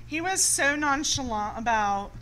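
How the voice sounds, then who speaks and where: A woman's voice: sits high, expressive, unhurried, very noisy. A middle-aged woman hosting a frank, casual chat show and swearing freely. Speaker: host.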